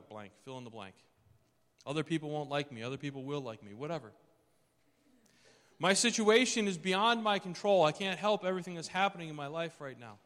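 A man's voice: on the high side, a bit bright. Man preaching a sermon in a reverberant hall. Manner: conversational preaching, dramatizes quotes. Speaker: pastor.

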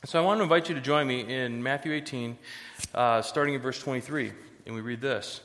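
A man's voice: medium pitch, brisk, fairly bright tone, long reverb tail. A man pastor giving a sermon in a conversational way, with joking asides between the serious points.

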